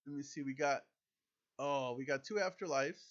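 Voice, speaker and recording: A man chatting casually over a video game, excitable and self-deprecating. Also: medium pitch, normal speed, highs cut off. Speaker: gaming YouTuber. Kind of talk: casual gameplay commentary.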